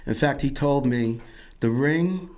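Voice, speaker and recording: A man's voice: medium pitch, takes it slowly, a little mellow. A middle-aged man talks through his life story as an interview guest. His telling rambles, with restarts and repeated words, and he acts out other people's lines as he goes. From Yonkers, New York.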